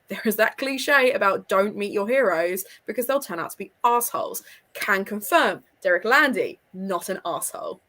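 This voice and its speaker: Co-host, young woman, casual and excitable, laughs and swears a lot. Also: medium pitch. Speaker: podcast co-host. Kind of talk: casual chat.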